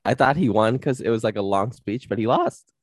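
Laid-back young man, low voice. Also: brisk, dry recording. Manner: laid-back, short quips and asides. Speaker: podcast co-host. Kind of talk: casual chat.

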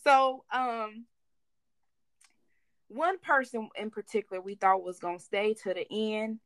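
A woman's voice: medium pitch, measured pace, fairly bright tone, dry recording. A young woman in her twenties co-hosting a podcast, telling a work story in casual, slangy chat and slipping into voices when she quotes people. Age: 20s. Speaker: podcast co-host.

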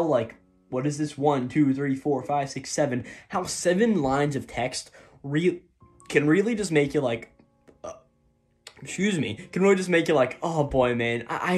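A man hosting a casual chat and recapping a comic, rambling and heavy on fillers, often tacking on a quick "right?". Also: on the high side. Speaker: manga recap host.

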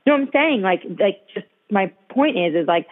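A woman's voice: medium pitch, moderate pace. A woman co-hosting a podcast, telling stories in casual chat and saying "like" constantly. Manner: animated storytelling, heavy use of "like". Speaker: podcast co-host. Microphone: call. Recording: tinny phone-line call.

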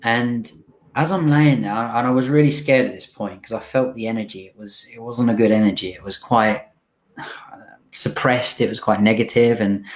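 An earnest young man shares his own story with a slightly low voice. He pauses, restarts and fills gaps as he goes. He sounds moved but keeps talking. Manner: earnest, halting, frequent restarts and fillers. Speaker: speaker telling his recovery story. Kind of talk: emotional personal storytelling.

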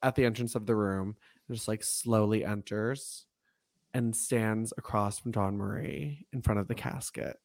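A man's voice: fairly low pitch, fairly even intonation, a little slow, a little mellow. A man co-hosting a podcast, recapping episodes in casual chat with lots of laughter and fillers. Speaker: podcast co-host.

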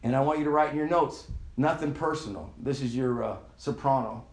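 A man delivers a sermon at a fast clip in a mid-range voice, keeping things loose and conversational. The pastor regularly prompts his congregation to echo his words, and the recording carries a roomy echo.

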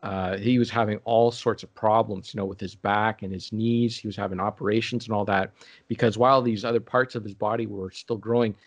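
A man in casual chat, rambling and halting with many restarts and fillers. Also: lowish voice, steady tone, no echo.

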